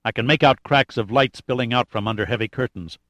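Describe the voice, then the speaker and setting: A man's voice: medium pitch, a little fast, a bit bright, no room sound, close to an everyday voice. A man voicing a wry, questioning male geologist in an audiobook, close to his own voice.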